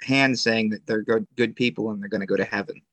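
A man's voice: on the low side, steady tone, fast talker, a bit bright, no room sound. A man in casual conversation, joking wryly and laughing often. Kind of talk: casual podcast chat.

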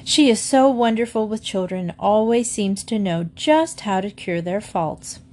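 A woman's voice: medium pitch, lively intonation, normal speed, a little mellow, natural voice. A woman reading aloud, voicing a cheerful neighbor, a mother of eight, who chats breezily. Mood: chatty. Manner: chatty, breezy storytelling.

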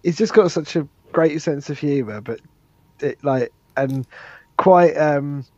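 A man co-hosting a podcast in relaxed, casual chat. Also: a little high, slow, muffled recording. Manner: relaxed, chatty, often says brilliant. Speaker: podcast co-host.

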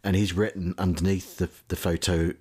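A man's voice: sits low, flat delivery, moderate pace, darkish tone, breathy edge. A man hosting a casual chat, who laughs easily and steers the talk back on track. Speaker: host.

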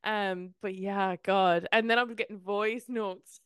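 A woman's voice: mid-range voice, steady tone, a little slow, a bit bright, clean tone, no echo, studio quality. A young woman co-hosting a podcast, laughing often while she chats and retells messages. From Ireland. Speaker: podcast co-host. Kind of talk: casual chat.

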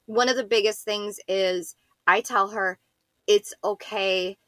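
A woman's voice: medium pitch, steady tone, slow pace, no echo. A woman from Buffalo, New York, co-hosting a podcast in casual chat, talking frankly and swearing freely. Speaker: podcast co-host.

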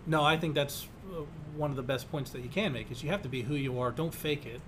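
A man hosting a casual interview podcast, jokey and animated, acting out quotes as he tells stories. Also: mid-range voice, fast talker, noisy background. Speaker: podcast host.

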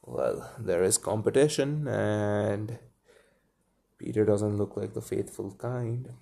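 A man reading a children's story aloud, pausing to muse and comment on it. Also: lowish voice, gravelly, mellow. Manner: muses aloud between passages. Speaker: reader.

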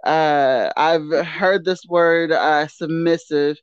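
A woman's voice: low-pitched, fairly even intonation, slow pace, smooth, no room sound, lo-fi sound. A woman guest in a casual podcast debate who speaks emphatically and with self-assurance, often repeating her words.

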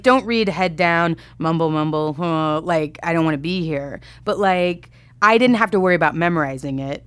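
With a lowish voice and no room sound in the recording, a woman who writes comedy shares a story conversationally. She is chatty and self-deprecating, laughing and using many fillers.

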